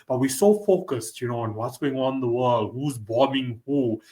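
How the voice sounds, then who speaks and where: Male podcast host, average pitch, relaxed chatty delivery with constant fillers. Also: normal speed. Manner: loose, leans on fillers like "you know" and "like". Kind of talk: casual chat.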